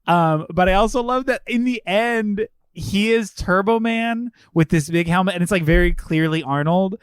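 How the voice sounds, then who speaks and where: Podcast co-host, mid pitch, jokey casual chat, playful asides, dry recording. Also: moderate pace, smooth, no room sound. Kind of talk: casual film discussion.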